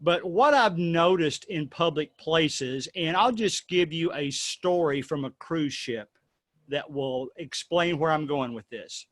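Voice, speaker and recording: Male host, playful and rambling, slightly high voice, dry close sound. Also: slow pace, a bit bright, no room sound. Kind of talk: casual discussion.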